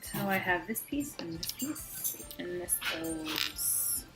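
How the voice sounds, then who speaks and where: A woman's voice: on the low side, lively intonation, takes it slowly, poor audio. Tired woman with a cold, teasing and laid-back, music behind her. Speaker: co-host, host's wife. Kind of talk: casual chat. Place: home, indoors. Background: background music.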